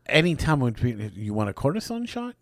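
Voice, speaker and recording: A man's voice: fairly high pitch, big pitch swings, brisk, no room sound, clean studio sound. A man co-hosting a casual podcast, joking crudely and laughing often. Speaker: podcast co-host. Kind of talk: casual chat.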